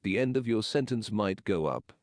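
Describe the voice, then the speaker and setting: A man with a lowish voice reads an English lesson at a slow, measured pace. He explains each point plainly. The sound is dry and close to the mic. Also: animated, no room sound. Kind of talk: slow paraphrased lesson narration.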